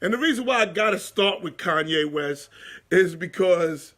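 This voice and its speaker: A middle-aged man hosting a live sports talk show, chatting casually and giving shout-outs to viewers. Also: high-pitched, expressive, moderate pace.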